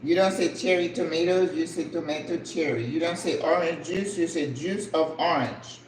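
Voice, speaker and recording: An older woman hosting a cooking vlog, chatting casually and exclaiming excitedly over the food as she plates it. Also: deep voice, moderate pace, echoey room, a little hiss or hum, rough recording.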